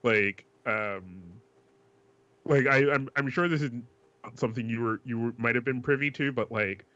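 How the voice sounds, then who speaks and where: Bright-voiced man from New York, dull lo-fi mic. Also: medium pitch, moderate pace, dry recording. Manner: emphatic, profane, riffs with slang. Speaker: podcast co-host. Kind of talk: casual chat.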